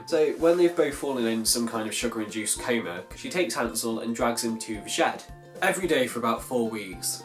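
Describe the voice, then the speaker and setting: A sarcastic storyteller reads a grim old fairy tale aloud and keeps stopping to mock it. The voice swoops between high disbelief and low, dry asides, with swearing thrown in. Faint guitar music plays in the background. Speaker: video host.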